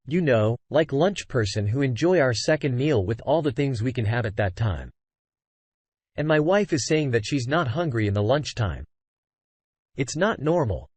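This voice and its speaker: Male storyteller, earnest and conversational; lively pitch, dry close recording. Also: no echo. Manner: conversational, frequent "you know" fillers. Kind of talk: first-person story narration.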